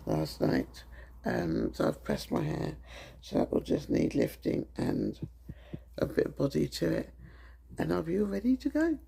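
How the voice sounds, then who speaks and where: Croaky British man chatting to camera. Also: fairly high pitch, warm tone. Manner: chatty and candid, with frequent ums. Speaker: vlogger. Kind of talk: casual chat to camera.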